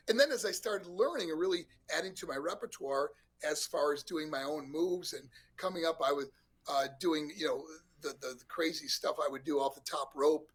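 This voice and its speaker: A man's voice: fairly high pitch, normal speed, breathy edge. A man in his sixties from New York, a former pro wrestler telling stories as a guest with lots of laughs. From New York, USA. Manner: animated storyteller, laughs often, acts out voices. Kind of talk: casual storytelling interview.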